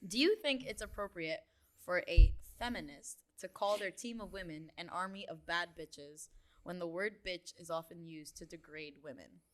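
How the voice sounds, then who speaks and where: A woman's voice: fairly low pitch, normal speed. A woman co-hosting a podcast, reading listener questions and joking in casual chat. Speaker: podcast co-host.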